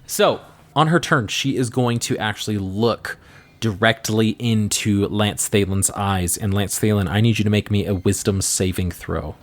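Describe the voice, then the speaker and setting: A man narrating as game master for a tabletop game, upbeat and quick to react. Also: fairly low pitch.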